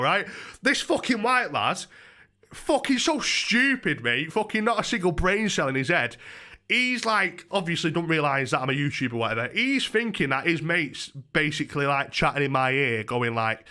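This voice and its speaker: Sweary lad telling a story. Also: male voice, on the high side. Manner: profane, excitable, rambling with many restarts. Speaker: YouTuber streamer. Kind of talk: casual storytelling on a livestream.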